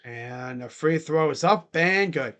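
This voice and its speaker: A man with a fairly high voice calls a basketball game live for his stream. He talks casually and rambles between plays, saying "like" a lot. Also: expressive, slow pace, a bit bright. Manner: casual, rambling, heavy use of "like". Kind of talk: live play-by-play reaction commentary.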